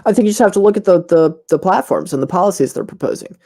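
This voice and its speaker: A man's voice: sits high, expressive, fast talker, warm tone. A man from the United States answering in an online debate, earnest and hesitant, often searching for words.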